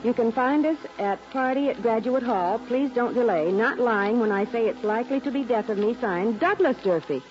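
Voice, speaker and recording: An actress playing a kind, concerned young secretary in a 1940s radio drama. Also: female voice, fairly high pitch, moderate pace, few pauses, lightly acted. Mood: formal. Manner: warm, concerned. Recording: dull old radio recording with music.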